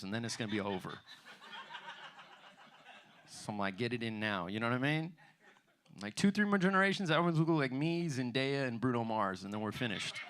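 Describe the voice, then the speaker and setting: Guy doing standup on a theater stage mic, chatty and loose, kinda low and gravelly. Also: fairly bright tone, slight background noise. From United States. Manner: loose, conversational, frequent "you know what I mean". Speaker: stand-up comedian. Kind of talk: stand-up comedy set.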